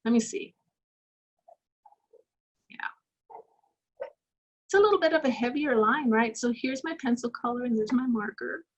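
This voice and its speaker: A woman art instructor chats while she sketches and thinks aloud, with plenty of small fillers. Her voice sits a little high, and her talk is unhurried and easy. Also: rough recording. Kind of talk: casual talk while drawing.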